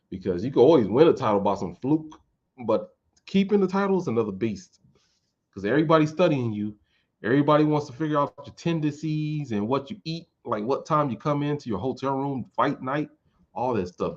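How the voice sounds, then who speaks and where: A man's voice: mid-range voice, darkish tone. Rambling casual male vlogger, lo-fi. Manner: rambling, profane, informal. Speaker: vlogger and fight commentator. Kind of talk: casual commentary.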